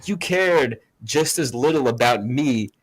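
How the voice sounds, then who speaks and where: A young man co-hosting a podcast, telling a story in casual chat with lots of swearing and animated bursts. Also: mid-range voice, measured pace, slightly rough. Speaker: podcast co-host.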